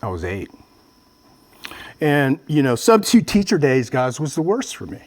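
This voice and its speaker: A man's voice: mid-range voice, sing-song, moderate pace, darkish tone. Earnest man telling a personal story. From Vietnam. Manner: earnest storytelling, addresses audience as guys and man. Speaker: motivational speaker. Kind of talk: public speech.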